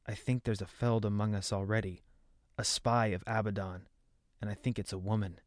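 Narrator doing a wary male servant: hushed, confiding, dry close read. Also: moderate pace, dry recording, lightly acted. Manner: lowered, confiding voice.

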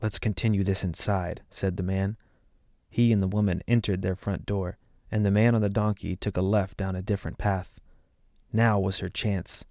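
A man reads a fantasy story aloud in a measured, steady voice. His pitch sits low and the recording is dry and close, with no room sound. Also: dry recording. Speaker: narrator. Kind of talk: audiobook narration.

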